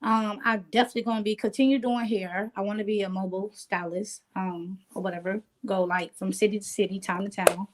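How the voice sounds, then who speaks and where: A woman talking as an interview guest in casual chat, relaxed and streetwise, often asking "you know what I'm saying". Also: mid-range voice, fairly quick, hardly any pauses.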